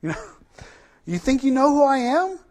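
A man's voice: very high-pitched, sing-song, drawn-out words, pitched above the performer's own voice, full character voice. A man voicing a noble master who answers his servant with mocking disbelief. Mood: sarcastic. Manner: sarcastic.

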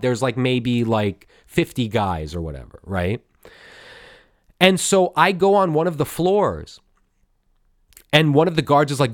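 A man's voice: medium pitch, dry recording, studio quality. Profane rambling male podcast host. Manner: profane, rambling, many fillers and restarts. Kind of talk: casual storytelling monologue.

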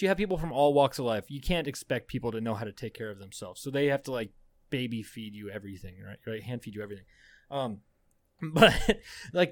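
A man's voice: medium pitch, dry recording. A young adult man, a podcast co-host, telling a rambling story in casual chat, swearing often and laughing as he goes.

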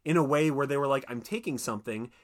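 A man's voice: mid-range voice, fast. A man co-hosting a podcast, chatting casually and profanely about a film, riffing and griping with mock voices. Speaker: podcast co-host. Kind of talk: casual chat, film review.

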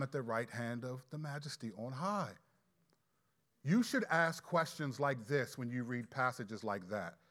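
A man preaching a sermon, emphatic, with sudden loud stresses and slowed key phrases. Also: mid-range voice, animated.

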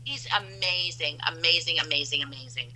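A woman, a guest telling loud, animated stories in casual chat over a phone line. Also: sits low, a little fast, crowd noise.

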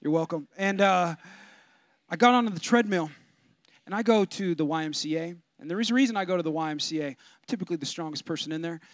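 A man preaching a sermon as pastor, telling a comic story and swinging from low asides to loud preaching. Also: quick pace, dry recording. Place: church.

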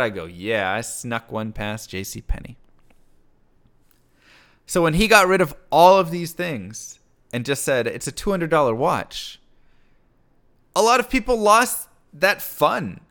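A man's voice: medium pitch, bright, forceful tone. A man giving an explanatory talk on pricing psychology, acting out shoppers' thoughts in quoted asides. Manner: mentions his own book.

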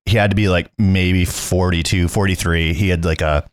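A man in casual podcast chat, chiming in with swearing and quick reactions. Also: low voice, steady tone, clear, resonant tone, no echo, studio quality.

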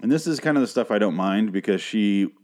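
A man's voice: lowish voice, lively intonation, fairly quick, darkish tone. A man casually recapping a TV show on his podcast, profane and rambling, with a dry voice. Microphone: podcast microphone.

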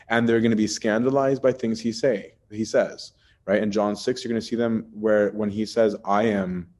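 A man's voice: on the low side, darkish tone. A man teaching a Bible study in a casual, chatty way, often asking "right?" and using plenty of fillers.

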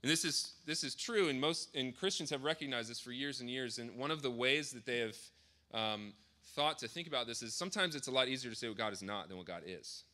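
Bright-voiced man preaching conversationally. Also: mid-range voice, expressive, fairly quick. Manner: conversational, with frequent fillers and self-corrections. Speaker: pastor. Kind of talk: sermon.

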